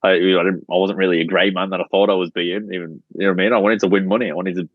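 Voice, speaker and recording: A low-voiced Australian man swears freely and tells stories bluntly, mimicking other people as he goes. His audio sounds dull and lo-fi, dry and close. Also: racing, no room sound. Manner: blunt, profane storytelling with animated quoted voices. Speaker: guest, reality show contestant. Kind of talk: casual podcast chat.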